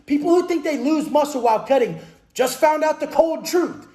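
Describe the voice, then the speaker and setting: Brief: high-pitched male coach, aggressive profane monologue, roomy echoey space. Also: moderate pace, mellow. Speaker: fitness and mindset coach. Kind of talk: blunt profane monologue about prison life. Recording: roomy echo.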